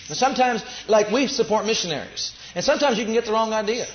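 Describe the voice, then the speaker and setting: A male pastor preaching a sermon, swinging between loud shouted lines and low, quiet asides. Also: animated, fast talker, reverberant, dull audio, slight background noise.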